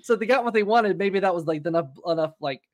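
A man's voice: high-pitched, fast, dry recording. Rambling man on a podcast, dry sound. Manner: rambling, laughs mid-sentence. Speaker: podcast host. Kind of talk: casual podcast chat.

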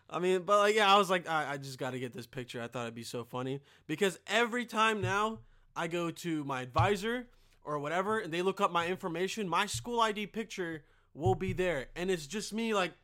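Young guy podcaster, high bright voice, rambly and sweary. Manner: rambling, profane, jokey. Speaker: podcast host. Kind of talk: casual podcast monologue.

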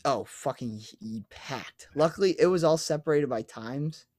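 A young man, a podcast co-host, telling an excited story in casual chat and swearing now and then. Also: a little high, moderate pace, no echo.

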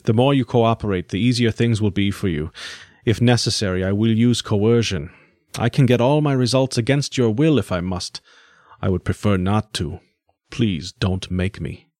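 A man voicing an impassive middle-aged male scientist who holds a prisoner, speaking slowly and without a smile. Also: on the low side, darkish tone, no room sound, clean studio sound, lightly acted. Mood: firm. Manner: slow, measured, unsmiling.

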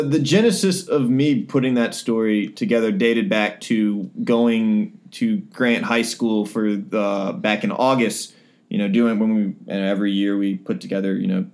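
A man's voice: on the low side, steady tone, normal speed, a little mellow. A young man co-hosting a casual sports podcast, rambling with many fillers and restarts. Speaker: sports reporter and podcast co-host.

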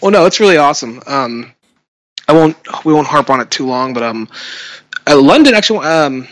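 A man's voice: a little high, lively intonation, a little fast, dry recording, low-quality recording. Rambling man with a dry, close sound. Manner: rambling, loose, laughs often. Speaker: podcast co-host. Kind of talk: casual chat.

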